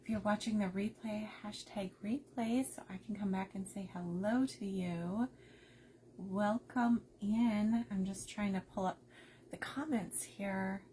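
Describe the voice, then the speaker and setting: A woman hosting a casual crafting live stream, talking softly and keeping her voice down while unwell with a migraine, chatting to viewers as she goes. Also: mid-range voice, steady tone, unhurried, a little hiss or hum. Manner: soft-spoken, keeps her voice down, chatty asides to viewers.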